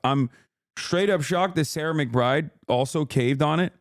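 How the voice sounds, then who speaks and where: A man's voice: fairly high pitch, a little slow, no echo, studio quality. A man streaming live, reacting to the news in a profane, exasperated rant to his chat.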